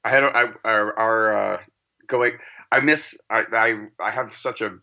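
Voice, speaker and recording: A man's voice: lowish voice, steady tone, unhurried, gravelly, bright, forceful tone, highs cut off. A man from Massachusetts, a podcast guest chatting casually and rambling off on tangents. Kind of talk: casual chat.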